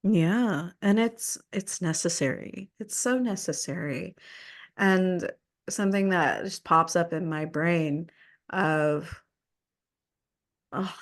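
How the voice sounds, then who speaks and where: Woman host on a podcast, talks slow and a bit low, earnest and emphatic. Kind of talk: casual conversation.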